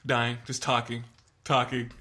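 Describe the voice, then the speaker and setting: A man co-hosting a podcast, telling stories in an animated, joking way. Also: medium pitch. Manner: animated storyteller, quick to laugh. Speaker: podcast co-host. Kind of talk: casual chat.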